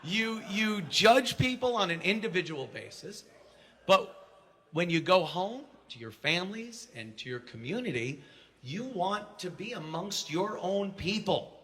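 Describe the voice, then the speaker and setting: A man's voice: high-pitched, sing-song, a little slow, a bit bright, a little hiss or hum. A man giving a speech, telling an anecdote with lots of restarts and quoting people in an acted-out voice. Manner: storytelling, acting out quotes with raised voice; frequent restarts and stammers. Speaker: conference speaker.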